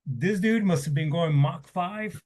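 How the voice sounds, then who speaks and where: Halting, emotional man telling his story. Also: on the high side, a little mellow. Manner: halting, with many restarts and repeated words; raw and emotional, speaking candidly. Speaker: military veteran guest. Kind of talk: personal storytelling in an interview.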